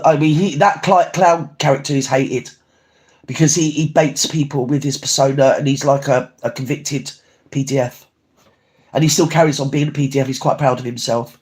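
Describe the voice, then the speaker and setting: A man chatting casually on a livestream, rambling and swearing as he reads out viewer comments. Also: a little mellow. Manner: rambling, swears, swings pitch up and down often. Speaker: livestream host.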